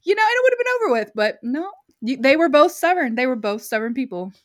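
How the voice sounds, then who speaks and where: A young woman co-hosting a podcast, reading a story aloud and then chatting, emotional and quick to get choked up. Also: high voice, big pitch swings, no room sound, studio quality. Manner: emotional, choked up, laughs often. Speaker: podcast co-host.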